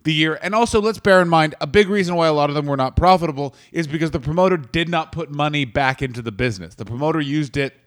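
A man from Canada, a stand-up comic co-hosting a podcast in loose, profane chat. His voice sits a touch high, and he talks fast, riffing from one joke to the next. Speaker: podcast co-host, stand-up comedian. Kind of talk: casual comedic chat.

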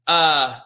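A middle-aged man hosting his show, telling a profane, animated story in a casual monologue. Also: fairly high pitch. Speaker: host.

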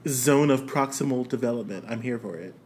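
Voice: medium pitch, brisk, noisy background. A podcast co-host in casual chat, playful and teasing, often stumbling and restarting.

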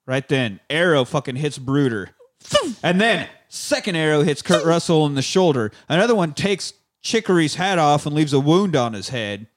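A young man chats on a podcast, loosely recapping a film scene by scene. He rambles, swears freely and leans on "like" and "uh". His voice sits somewhat high for a man. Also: lively intonation, normal speed. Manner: rambling, profane, uses many fillers. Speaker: podcast host. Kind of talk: casual chat, retelling a film.

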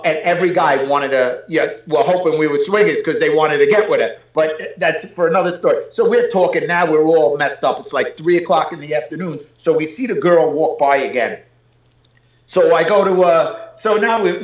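A man, telling a long joking story as an interview guest, full of "I says". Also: a little high. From New York City. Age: 40s. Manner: rambling, joking, says "I says" a lot. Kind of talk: casual storytelling. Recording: roomy, dull lo-fi audio.

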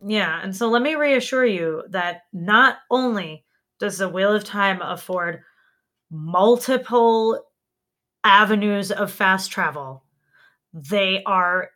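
A woman hosting a podcast in casual chat, animated and laughing often, swearing freely. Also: medium pitch, slow. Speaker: podcast host.

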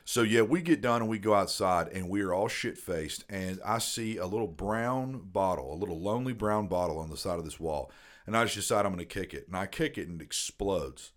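Man in his 30s, podcast host, low voice, rambling and profane storyteller. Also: a little fast. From Tennessee. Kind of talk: casual storytelling.

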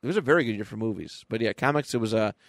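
Gravelly male podcast co-host. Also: lowish voice, rapid-fire, no echo, studio quality. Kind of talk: casual chat.

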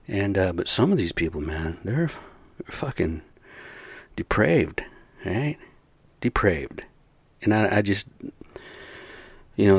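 A man's voice: low voice, no room sound. A man talking straight to his viewers in a rambling, profane rant, full of rhetorical questions and asides. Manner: rambling, heavy swearing, asks rhetorical questions. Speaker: vlogger. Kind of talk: casual profane rant to camera.

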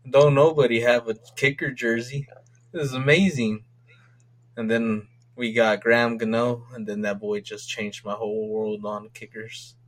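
A man co-hosting a casual sports podcast, rambling and swearing excitably as he rants about his team's games. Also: medium pitch, moderate pace. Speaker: podcast co-host.

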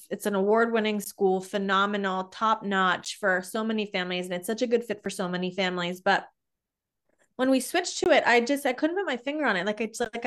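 A woman guest in a casual chat, telling stories and laughing easily. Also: mid-range voice.

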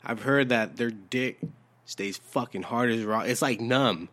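A man's voice: medium pitch, measured pace, fairly bright tone. Laid-back profane man in casual chat. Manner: laid-back, profane, short reactions and asides.

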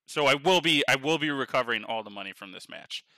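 A man co-hosting a podcast in casual chat, rambling excitedly and laughing often. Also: medium pitch, fast, dry recording. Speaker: podcast co-host. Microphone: headphones on, podcast mic.

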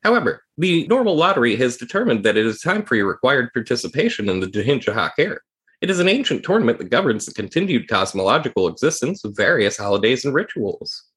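A man's voice: mid-range voice, sing-song, fast talker, a bit bright, breathy edge. A man plays a courteous alien translator in a tabletop game. The voice sits slightly raised and speaks in stiff, precise, ceremonial sentences. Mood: formal. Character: tall formal alien translator, polite and calm.

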